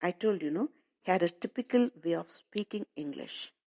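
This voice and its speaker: A woman teaching a literature lesson to young pupils. Her voice sits on the lower side, yet it rises and falls a lot as she goes. She explains patiently, repeating and rewording each line for the children. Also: lively intonation, normal speed, dark tone. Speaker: English teacher. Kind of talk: explaining a story to schoolchildren.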